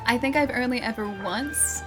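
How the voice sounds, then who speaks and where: A woman's voice: on the high side, moderate pace. A woman from Melbourne with an Australian accent, chatting casually with viewers while she plays a game, rambling and self-deprecating with lots of fillers. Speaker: streamer. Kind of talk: casual live-stream chat while gaming. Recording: game music clearly heard behind the voice.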